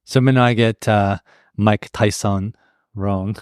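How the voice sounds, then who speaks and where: A man in a casual podcast chat, asking questions in a halting, self-interrupting way. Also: fairly low pitch, steady tone, clean tone, dry recording, clean studio sound. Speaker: podcast co-host.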